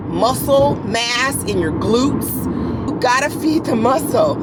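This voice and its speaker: A woman's voice: on the high side, heavy background noise. A woman in her forties vlogging in casual chat, blunt and profane with joking asides. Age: 40s. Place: in a car.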